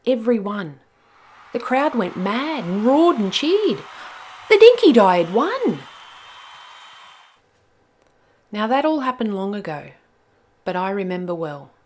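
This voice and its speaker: A woman storyteller reading a picture book aloud for children, expressive and gentle. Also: medium pitch.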